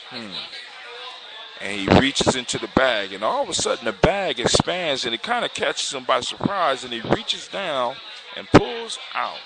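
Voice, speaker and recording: A man narrating a folktale aloud in a relaxed, unscripted way. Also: mid-range voice. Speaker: storyteller. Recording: clear background hiss.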